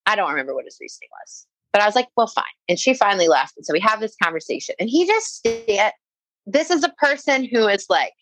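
A woman's voice: mid-range voice, very animated, fast talker, fairly bright tone, dry recording, rough recording. Woman telling a story, many "like"s. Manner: frequent "like" fillers, quoting herself and others. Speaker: guest telling a personal story. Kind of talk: casual conversational storytelling.

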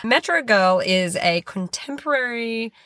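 A woman's voice: a little high, lively intonation, measured pace, a bit bright, dry recording. A woman co-hosting a podcast, chatting casually and self-deprecatingly while recapping a book. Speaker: podcast co-host. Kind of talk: casual book-review chat.

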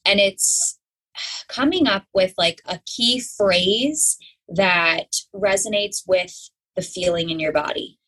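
A young woman speaks with a husky, slightly breathy voice at a medium pitch. She talks openly as a guest and tells a candid personal story in an animated way, often slipping into her own inner voice. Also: takes it slowly, low-quality recording.

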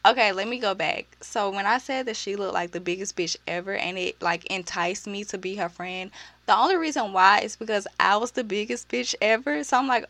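A sassy young woman chats through a story, swearing and slipping into high-pitched quoted voices. Her voice sits at an ordinary middle pitch. The sound is dry and close, with almost no room echo. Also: normal speed, fairly bright tone. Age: young adult. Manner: uses slang and profanity freely. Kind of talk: casual storytelling vlog.

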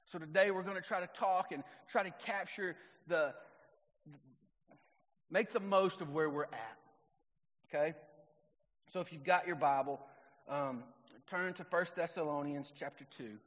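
A middle-aged man, preaching a sermon in a relaxed, conversational storytelling way. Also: fairly high pitch, measured pace, long pauses. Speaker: pastor. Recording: long reverb, dull lo-fi sound.

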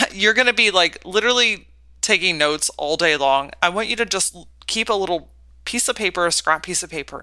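Woman podcast host, bright and dry, motivational monologue with rhetorical questions. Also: fairly low pitch, dry recording.

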